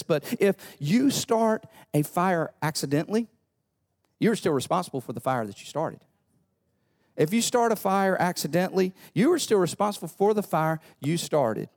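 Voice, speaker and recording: Male pastor with a slightly high voice, animated sermon, full of repetition and rhetorical questions.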